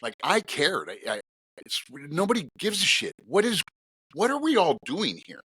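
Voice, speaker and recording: A middle-aged man, a retired police officer, telling stories on a podcast in a casual, animated, profane way. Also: moderate pace, husky, no room sound. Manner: animated, profane, swinging pitch while telling a story.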